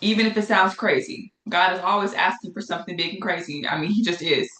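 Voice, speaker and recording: A woman's voice: on the low side, fast, a bit bright. A woman teaching a Bible study in a conversational way, often repeating phrases for emphasis. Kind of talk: casual spoken Bible study. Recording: echoey room.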